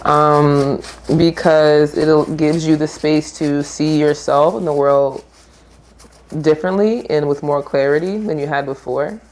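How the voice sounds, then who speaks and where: A woman's voice: deep voice, fairly even intonation, a little slow, darkish tone. A woman who works as a yoga therapist, chatting casually in a podcast conversation, rambling and laughing often as she trails off and restarts.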